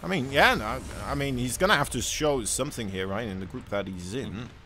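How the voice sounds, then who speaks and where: A man whose first language is Dutch, doing relaxed live esports commentary and describing the play. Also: medium pitch, brisk, slight background noise. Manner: easygoing, laughs lightly, describes the play. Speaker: esports caster.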